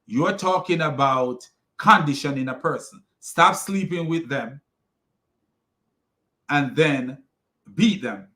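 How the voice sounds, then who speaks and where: A man's voice: fairly high pitch, bright, forceful tone. A man giving critical commentary on a played clip, argumentative, with many fillers and restarts. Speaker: religious commentator.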